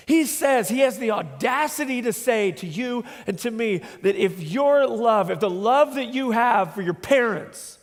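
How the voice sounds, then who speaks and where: High-voiced man preaching in a reverberant hall. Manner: earnest, emphatic, slowing down for key words. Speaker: pastor. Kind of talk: sermon.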